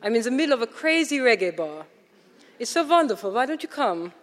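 A woman voicing an excitable German man with a German accent, calling from a party in a strident, giddy voice. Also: very high-pitched, fairly quick, long reverb tail, pitched above the performer's own voice, full character voice. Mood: excited.

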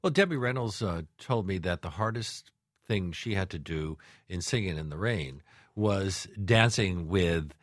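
A man hosting an interview, asking questions in a halting way with many fillers. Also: sits low, expressive, dry recording, studio quality. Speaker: radio host.

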